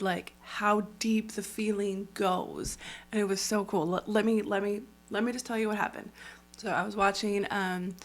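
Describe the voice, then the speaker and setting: A woman speaks in a casual, earnest way about faith, with a voice of ordinary pitch for a woman. She is chatty and full of "like" fillers. She often breaks into high, squealy little quotes. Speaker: Christian devotional creator. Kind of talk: casual faith talk to camera.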